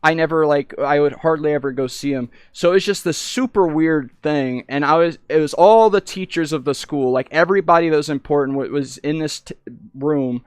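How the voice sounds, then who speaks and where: A man's voice: on the high side, moderate pace, clear, resonant tone, no room sound, clean studio sound. A young American man rambling through stories in casual live-stream chat, often breaking off mid-sentence. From United States. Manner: rambling, self-interrupting storyteller.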